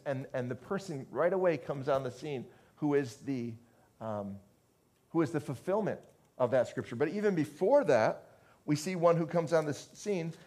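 A man's voice: a little high, a little mellow. A man preaching a conversational sermon to a congregation, often restarting phrases and asking the listeners questions. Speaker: pastor.

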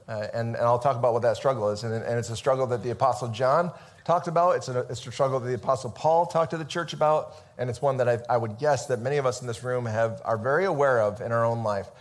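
Chatty pastor preaching a casual sermon. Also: male voice, medium pitch, fast talker. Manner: conversational, chatty, with many fillers and restarts. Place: church sanctuary. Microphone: amplified microphone.

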